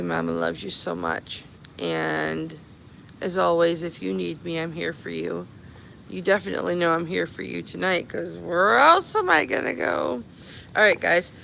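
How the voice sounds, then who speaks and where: Stranded at an airport after her flight was cancelled, a woman live-streams from her phone, chatting warmly with followers she calls babies and honey. Her voice is lowish and gravelly with a fairly bright tone. The recording is low quality, with a little hiss or hum.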